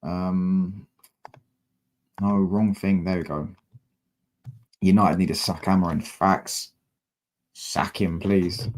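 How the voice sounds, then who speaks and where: A man's voice: sits low, flat delivery, slow pace, long pauses. A young man, a football fan streamer, frustrated and slangy, swearing as he talks to his chat from a desk mic at home. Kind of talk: live-stream fan rant.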